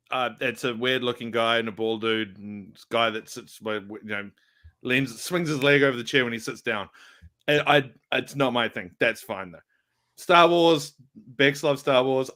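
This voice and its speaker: A man's voice: mid-range voice, pushed and bright. A man from New Zealand with a New Zealand accent, rambling jokily and laughing often as a guest in a casual chat.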